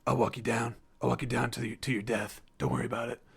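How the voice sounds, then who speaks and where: A man putting on a deep, mock-masculine voice of a gruff male action hero. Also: flat delivery, fast talker, heavily acted. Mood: reassuring.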